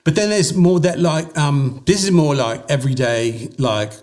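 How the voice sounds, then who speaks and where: An American man, a voice-over artist, telling stories in a relaxed interview with many fillers and restarts. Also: fairly high pitch, moderate pace. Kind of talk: casual interview chat.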